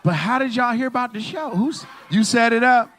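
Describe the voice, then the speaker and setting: A man's voice: extremely high pitch, a little fast, a bit bright. A man doing stand-up crowd work in a comedy club, teasing the audience in a loose, profane way.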